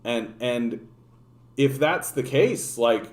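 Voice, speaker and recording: A man's voice: mid-range voice, animated, slow pace. A man giving a casual political rant as a streamer, sarcastic and profane, rambling with fillers and restarts. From Canada. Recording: echoey room.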